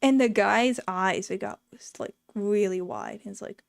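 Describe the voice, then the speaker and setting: Soft background music plays as a streamer reads her chat and animatedly recounts frank, profane stories from her earlier vet clinic work. She speaks at a normal speed with few pauses, in a mid-range voice touched by vocal fry, keeping the chat casual.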